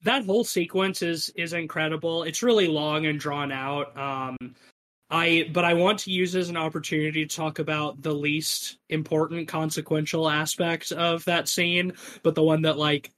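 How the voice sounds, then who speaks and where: A man's voice: fairly high pitch, steady tone, moderate pace, fairly bright tone. A man co-hosting a podcast, chatting casually and animatedly about a film, laughing often. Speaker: podcast co-host.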